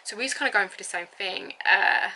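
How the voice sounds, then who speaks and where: Woman, twenties, bright and chatty, giggly rambling vlog storyteller. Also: medium pitch, brisk, a little hiss or hum, poor audio. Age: 20s. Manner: rambling, lots of fillers and likes, giggly. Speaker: vlogger. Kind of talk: casual storytelling.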